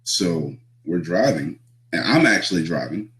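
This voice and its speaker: A young man with a deep, low voice tells road stories in a loose, laid-back way. He swears freely and laughs as he talks, like a guest chatting on a podcast. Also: very animated, unhurried, a bit bright. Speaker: pro wrestler guest. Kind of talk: casual storytelling.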